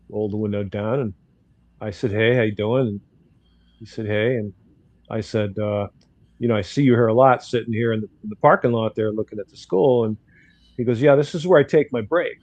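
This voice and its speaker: A man's voice: lowish voice, fairly even intonation, fairly quick, darkish tone, no room sound, dull audio. Blunt older man telling a story. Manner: blunt, outspoken, acts out dialogue in quotes. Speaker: guest commentator. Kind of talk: casual storytelling.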